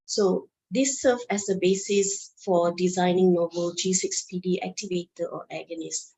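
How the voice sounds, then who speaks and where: A woman from Malaysia giving an academic presentation in a measured way with frequent hesitations. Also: lowish voice, fairly even intonation, mellow, breathy edge, low-quality recording. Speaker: conference presenter.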